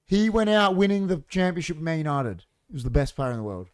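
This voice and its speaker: Higher-voiced man bantering on a podcast. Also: very animated, fast talker, clean tone, no echo, clean studio sound. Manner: banter, swears freely. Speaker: podcast co-host. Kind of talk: casual chat. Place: small studio.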